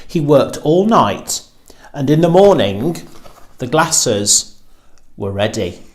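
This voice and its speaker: A man reading a children's storybook aloud, with a slow and expressive delivery. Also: medium pitch.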